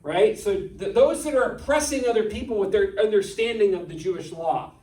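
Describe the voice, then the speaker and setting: A male pastor giving a sermon in a relaxed, conversational way, often putting rhetorical questions to his congregation. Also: high voice, fairly quick. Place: church sanctuary. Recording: echoey church room, distant mic.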